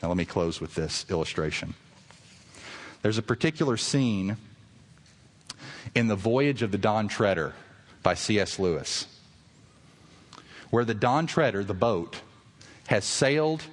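A man pastor delivering a sermon to his congregation, earnest and rising to emphatic peaks. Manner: earnest preaching that swells to emphatic highs. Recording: long reverb of a large hall.

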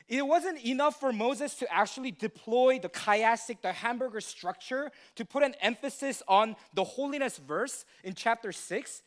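A man's voice: high-pitched, a bit bright. A male pastor preaching a sermon in a teacherly way, often checking in with the congregation with questions. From United States.

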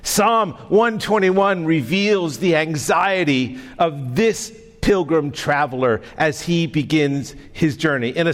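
A man preaching as a pastor, telling a story in a lively way and often tripping over and repeating his words. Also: on the high side. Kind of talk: storytelling sermon. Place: church sanctuary. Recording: long reverb of a large hall.

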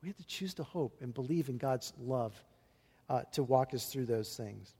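A man preaching to his congregation with a somewhat high voice, earnest and halting as he circles back over his words. His sermon rings out through a large hall with a long reverb tail. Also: slightly rough. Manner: earnest, halting with repeated restarts and fillers. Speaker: pastor.

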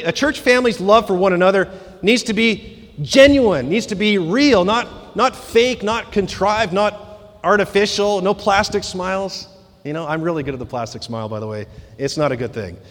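A man preaching a sermon as pastor, conversational, with joking asides and repeated phrases. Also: sits high. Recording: long hall reverb.

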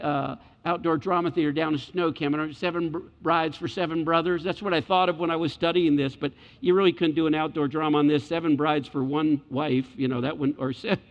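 A man preaching a sermon, animated, acting out quoted voices and climbing high when excited. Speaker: pastor. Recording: dull sound with long hall reverb.

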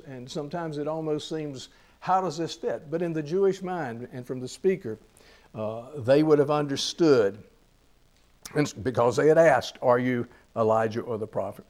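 A man's voice: on the high side, a little mellow. A man preaching a sermon, reading scripture aloud and explaining it with rhetorical questions. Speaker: pastor.

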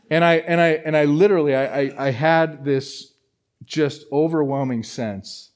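A man's voice: a little high, moderate pace. A man, a pastor, preaching a sermon and telling a personal story, with frequent restarts. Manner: storytelling, animated with many restarts. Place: church.

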